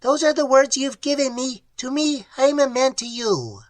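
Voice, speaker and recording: A man voicing a calm, literal-minded alien cave creature with a shrill, clicking voice in an audiobook reading. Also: normal speed. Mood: placid. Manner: placid and literal.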